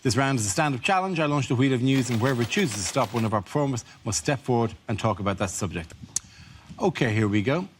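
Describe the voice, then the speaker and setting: A man hosting a panel show, announcing the rounds in a measured, steady way. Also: mid-range voice, a little hiss or hum. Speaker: host.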